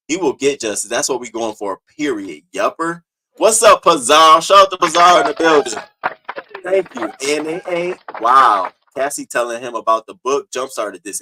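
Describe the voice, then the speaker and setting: A man hosting a casual live-stream commentary, animated as he greets viewers by name from the chat and swears freely. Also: medium pitch.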